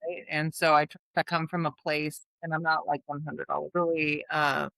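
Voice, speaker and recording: A man speaking as a podcast guest, candid and measured about how he raises his kids, pausing with frequent ums and uhs. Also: a little high, little pitch movement, creaky, bright, forceful tone, no room sound, low-quality recording. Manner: measured and candid, with hesitant "uh" and "um" pauses. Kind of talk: reflective conversational chat.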